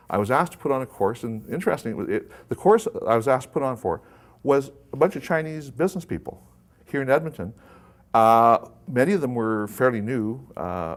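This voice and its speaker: A man with a mid-range voice presents a live workshop to an audience, speaking conversationally and asking the room questions.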